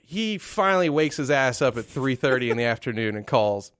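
A young man co-hosting a casual comedy podcast, crude and profane, getting loud when he cares about something. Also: mid-range voice, fairly quick. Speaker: podcast co-host.

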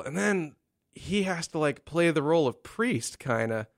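A man's voice: on the high side, lively intonation, measured pace, fairly bright tone, no echo, clean studio sound. Profane sarcastic man telling a crude story. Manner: profane, sarcastic, acts out other people's voices. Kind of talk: casual crude comedic storytelling.

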